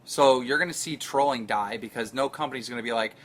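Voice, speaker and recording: A man's voice: mid-range voice, fast talker, fairly bright tone, a little hiss or hum. A man co-hosting a casual podcast, brash and profane, cracking himself up as he riffs. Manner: brash, profane, laughs often. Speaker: podcast co-host. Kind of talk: casual crude podcast banter.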